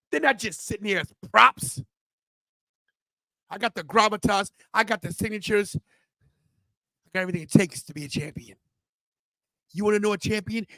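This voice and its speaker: A high-pitched man hosts a wrestling watch-party stream, booming mock outrage and swagger at his viewers. He talks close to the mic in a dry, deadened room. His delivery swings between showman bravado and scolding his chat. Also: bright, forceful tone, no room sound. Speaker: podcast host. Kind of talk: livestream watch-party rant.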